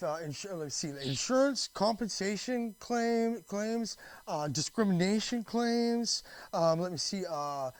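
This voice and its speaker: A man's voice: high-pitched, dry recording, poor audio. A man from Canada talking in a rambling, restless monologue, full of restarts, fillers and swearing. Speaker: vlogger.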